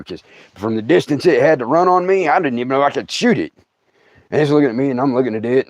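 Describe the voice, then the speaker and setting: A man's voice: medium pitch, dry recording. A middle-aged man spins a yarn in a loose, drawling voice, sinking to near-whispers for the tense bits and mimicking the noises he heard. The sound is dull and lo-fi, close and dry with no room around it. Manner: drawling, hushed, acts out sounds. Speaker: storyteller. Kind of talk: casual spoken storytelling.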